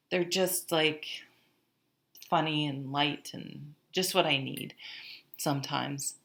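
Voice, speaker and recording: A woman's voice: sits low, vocal fry, a bit bright. A woman giving a casual, chatty tarot reading to camera, rambling and often breaking off mid-sentence. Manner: chatty, rambling, self-interrupting. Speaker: tarot reader.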